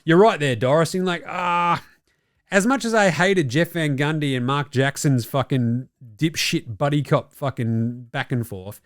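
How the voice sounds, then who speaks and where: An Australian man with a fairly high, unhurried voice hosts a basketball podcast in studio-quality sound with no room echo. His opinionated sports commentary is blunt and profane, full of rants and mocking quoted voices.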